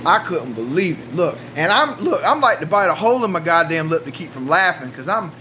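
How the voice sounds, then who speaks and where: A man's voice: fairly high pitch, big pitch swings, a little fast, pushed and bright, a little hiss or hum. A man telling a rambling, profane comic story about his own life and swearing constantly.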